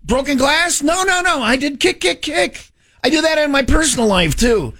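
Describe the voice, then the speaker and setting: A man's voice: extremely high pitch, animated, normal speed, bright, forceful tone. A man co-hosting a morning radio show, bantering playfully and slipping into silly voices. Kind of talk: casual banter.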